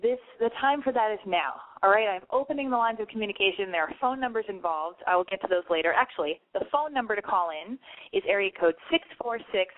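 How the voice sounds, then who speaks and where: A woman with a lisp hosting a casual call-in radio show, excitable, profane and self-mocking. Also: medium pitch, fast talker. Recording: tinny phone-line sound.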